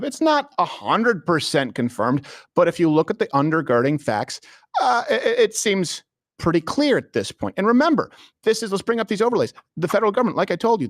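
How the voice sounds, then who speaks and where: A man hosting a political comedy talk show in a studio, animated and sarcastic, often laughing. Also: on the high side, no echo. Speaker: host.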